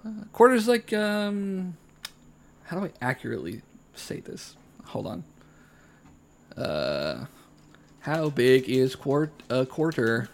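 A man's voice: medium pitch, big pitch swings, takes it slowly, creaky, pauses often. A young American man from Florida hosting a podcast, chatting casually, laughing often and slipping into joking voices. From Florida, United States. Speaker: podcast host. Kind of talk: casual chat.

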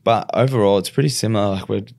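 A young man, a rugby league player and coach, chatting casually in an interview with a relaxed, rambling manner full of restarts. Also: lowish voice, fast, vocal fry, no echo, clean studio sound. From Australia.

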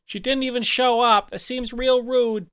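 Man doing a falsetto scheming aunt. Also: steady tone, normal speed, sharp tone, smooth. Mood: sugary, scheming. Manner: high falsetto, sugary and scheming. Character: pushy middle-aged aunt, litigious and entitled.

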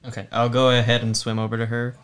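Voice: mid-range voice, monotone, quick pace, smooth. A player in a tabletop game, talking hesitantly with many fillers.

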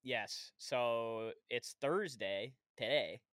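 A man's voice: medium pitch, very slow, a bit bright, clear, resonant tone, no room sound, studio quality. A young American man co-hosting a podcast, bantering in a laid-back, profane way. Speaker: podcast co-host. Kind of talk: casual chat.

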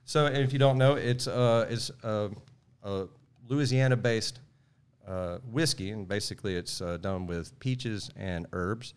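A man's voice: fairly low pitch, measured pace, clear, resonant tone. A man, a podcast host chatting casually and explaining a cocktail step by step. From Southeast Texas.

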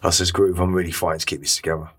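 A man's voice: sits low, flat delivery, racing, a bit bright, slightly rough. A middle-aged man, a podcast guest, telling an emotional story in a rambling way, with many restarts and casual swearing. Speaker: interview guest.

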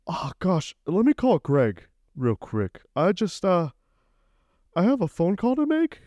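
A man voicing a jittery, eager-to-please young man who gushes nervous flattery. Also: high-pitched, unhurried, dry recording, muffled recording, voice pushed up, heavily acted. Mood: nervous flattering.

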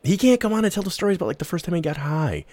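A man's voice: sits high, big pitch swings, very fast, a little mellow, no room sound. A man hosting a podcast in casual chat, joking, rambling and laughing often. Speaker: podcast host.

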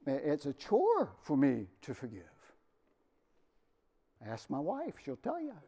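A man's voice: a little high, huge pitch swings, a little slow, husky. Earnest preacher man, rising and falling. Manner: earnest, storytelling with dramatic swings in loudness. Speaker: pastor. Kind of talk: sermon.

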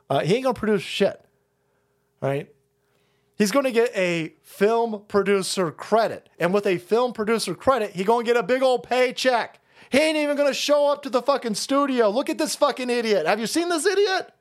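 A foul-mouthed man streaming a mocking political rant, laughing and swinging between loud jabs and low muttering. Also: lively intonation, normal speed.

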